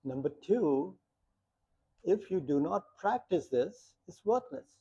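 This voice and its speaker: Guy leading a meditation talk, husky and a bit gravelly, muffled lo-fi sound. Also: high-pitched, expressive, takes it slowly, dark tone. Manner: plain storytelling with rhetorical questions. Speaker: meditation teacher.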